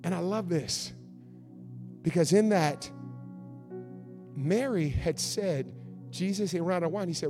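A man preaching a fervent sermon in a church, swinging between loud build-ups and hushed passages. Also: sits high, measured pace, pauses often, music in the background. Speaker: pastor.

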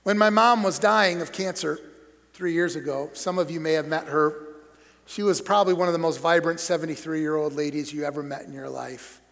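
A middle-aged man preaching a sermon as pastor, conversational and joking, swinging between loud emphasis and soft storytelling. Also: on the high side, brisk, gravelly. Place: church sanctuary. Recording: long reverb of a large church hall.

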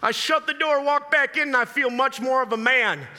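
Minnesota guy preaching comedy to a crowd, really high bright voice, all pumped up, big hall echo. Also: moderate pace. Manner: energetic, hyped-up, calls out to the crowd. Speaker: traveling preacher. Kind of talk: comedic stage talk to a live crowd. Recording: long hall reverb.

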